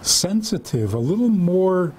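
A man's voice: sits high, very animated, a little slow, darkish tone, husky. A man, a rabbi, giving a humorous lecture to a live audience, telling stories and asking rhetorical questions.

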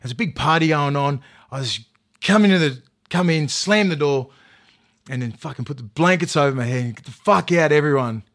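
A man's voice: fairly high pitch, brisk, a bit bright, no echo, studio quality. A man co-hosting a podcast, telling stories in a casual way, swearing, restarting sentences and acting out quotes. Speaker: podcast co-host. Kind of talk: casual storytelling chat.

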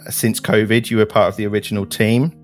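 A man's voice: lowish voice, fast, soft background music. A man in his late thirties hosting a tabletop gaming podcast in casual, chatty talk. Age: late 30s. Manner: chatty, animated, laughs easily. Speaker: podcast host and game master. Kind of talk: casual chat.

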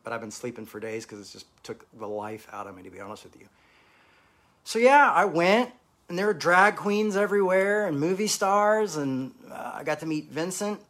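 A man in his forties candidly telling a personal story, rambling and halting with many fillers and restarts. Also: medium pitch, a bit bright. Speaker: speaker sharing a personal story.

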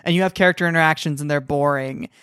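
A woman co-hosting a casual chat about video games, animated and rambling, laughing often. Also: deep voice, fast, clear, resonant tone, no room sound, clean studio sound. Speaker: podcast co-host.

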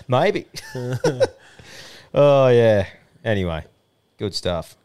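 A man's voice: mid-range voice, very animated, extremely slow, darkish tone. A man co-hosting a crude, laughing casual chat, swearing a lot. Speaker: podcast co-host.

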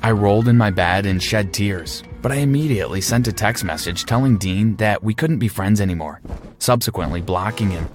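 A young man narrating a first-person story in a steady storytelling manner. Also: on the low side, brisk, soft background music.

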